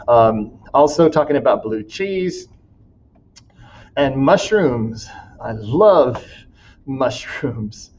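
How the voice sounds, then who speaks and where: A man's voice: medium pitch, lively intonation, very slow, long pauses, darkish tone, muffled recording. A man teaching a class in a recorded walkthrough, casual and laughing often as he reads student writing aloud.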